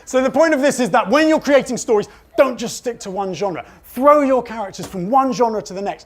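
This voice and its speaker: A man, a comic book author, narrating a funny story live for children with careful comic timing. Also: high-pitched.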